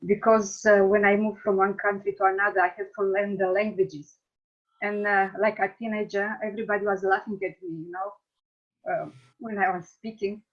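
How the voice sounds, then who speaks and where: A woman from Romania gives an emotional testimonial over a video call, halting and searching for her English words. Her audio is a little dull and muffled. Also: medium pitch, level tone. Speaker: class participant.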